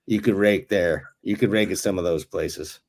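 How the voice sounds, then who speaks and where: Brief: man, former pro ballplayer, low voice, lively storyteller on a sports talk show. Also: normal speed, creaky. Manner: animated storyteller who chuckles while recalling. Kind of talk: casual sports chat.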